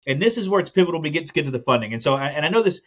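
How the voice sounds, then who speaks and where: The lo-fi recording captures a podcast guest, a land investor with a somewhat high voice, rattling through his business story. He's lively and quick, performing each quoted line.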